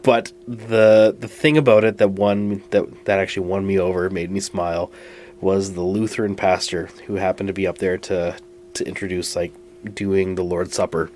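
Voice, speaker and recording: A man guesting on a podcast, telling stories in casual chat with earnest, halting restarts. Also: sits low, flat delivery, darkish tone, slight background noise. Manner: earnest storyteller, halting restarts, laughs at himself.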